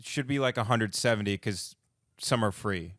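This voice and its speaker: A man's voice: lowish voice, moderate pace, fairly bright tone, no echo, clean studio sound. A man working as a podcast producer, giving brief, offhand answers from off-mic.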